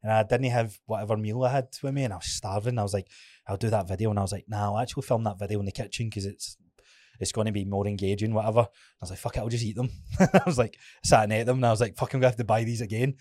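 A man's voice: on the low side, steady tone, very fast, a little mellow, no room sound, studio quality. A man with a Scottish accent, a fitness coach co-hosting a casual podcast, talking frankly, swearing often and acting out his own stories.

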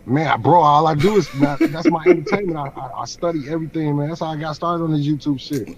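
A man's voice: a little high, lively intonation, fast talker, a crowd in the background, poor audio. A man hosting a YouTube channel, chatting casually with a friend and often repeating words and restarting sentences. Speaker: YouTube host. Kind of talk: casual chat.

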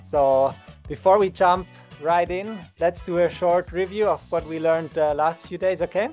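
A young Swiss man teaching beginners basic German, calm and patient, slowing down to model each word. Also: sits high, faint music behind. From Switzerland. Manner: patient, slows down to model words. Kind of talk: beginner language lesson.

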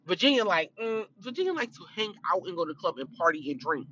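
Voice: medium pitch, sing-song, fast talker, few pauses, bright, forceful tone, highs cut off. A speaker giving blunt, opinionated casual commentary on a reality show, stressing points by repeating them.

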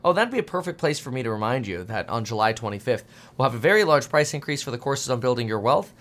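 A man giving casual, animated market commentary, reading news aloud with jokey asides and mocking quoted voices. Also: medium pitch, quick pace. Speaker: finance commentator.

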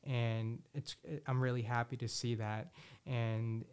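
A man's voice: medium pitch, little pitch movement, takes it slowly, a little mellow, clean tone. Rambling, profane male podcast host. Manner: rambling, many restarts and "you know" fillers, frequent swearing; enthusiastic about music predictions. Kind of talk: casual solo talk.

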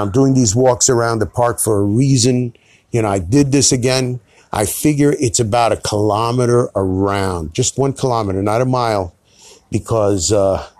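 Rambling New podcast host, dry sound. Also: male voice, mid-range voice, a little mellow, no room sound. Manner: rambling, swearing, self-deprecating. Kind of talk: rambling solo podcast monologue.

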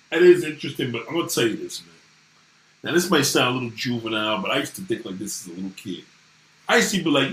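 A man ranting casually to viewers, animated and swearing freely. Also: fairly high pitch. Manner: animated, swearing, voices others in quotes. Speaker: vlogger talking to viewers. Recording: echoey room.

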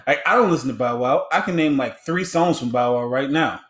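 A man's voice: mid-range voice, brisk, fairly bright tone. A man co-hosting a podcast in casual chat, blunt and teasing in his banter. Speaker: podcast co-host. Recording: echoey room.

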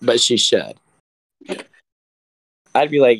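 A man's voice: mid-range voice, expressive, moderate pace, a bit bright, no echo, poor audio. Teasing, foul-mouthed man on a podcast. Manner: teasing, profane, mocking. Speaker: podcast co-host. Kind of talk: casual podcast chat.

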